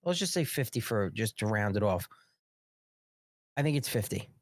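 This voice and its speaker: A man's voice: fairly low pitch, lively intonation, normal speed, no echo, clean studio sound. A man hosting a live political talk show, ranting and sarcastic, breaking off his own sentences and stopping to plug his products. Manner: ranting, sarcastic, restless and self-interrupting. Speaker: host.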